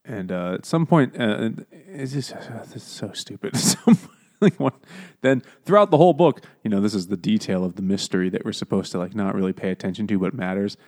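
Laughing, swearing low-voiced man. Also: a little mellow. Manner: laughing often, swearing, jumping into silly voices. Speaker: podcast co-host. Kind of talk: casual chat recapping a book.

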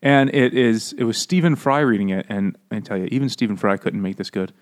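A man's voice: lowish voice, no echo, clean studio sound. Joking, profane man. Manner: profane, joking, quick to laugh. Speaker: podcast co-host. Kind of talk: casual chat.

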